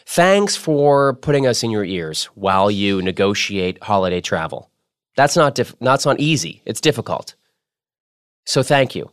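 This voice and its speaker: A man's voice: on the low side, big pitch swings, measured pace, smooth, no echo, clean studio sound. A man hosting a podcast in a casual chat style, playful and self-mocking as he jokes with his producer. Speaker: podcast host.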